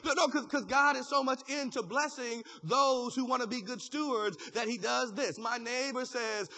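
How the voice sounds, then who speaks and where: A man's voice: extremely high pitch, normal speed, hardly any pauses, bright, forceful tone. A man preaching a sermon as pastor, building fervor through repeated phrases and call-outs to the congregation.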